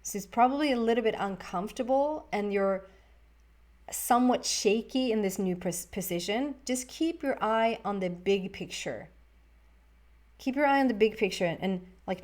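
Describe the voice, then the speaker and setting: A woman's voice: mid-range voice, a little mellow. A woman giving a casual, rambling tarot reading to camera, often restarting her words. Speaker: tarot reader.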